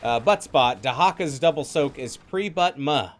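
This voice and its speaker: A medium-pitched man speaks at a moderate pace, casting a video game match live in slightly noisy online stream audio. As an esports caster, he delivers lively play-by-play and reads chat aloud.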